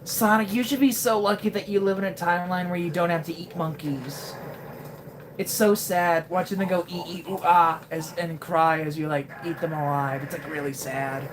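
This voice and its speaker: A woman's voice: lowish voice, fairly even intonation, moderate pace, noisy background, lightly acted. A woman voicing a laid-back, stoned male hedgehog from a ruined future, talking in a lazy slacker drawl. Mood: mellow.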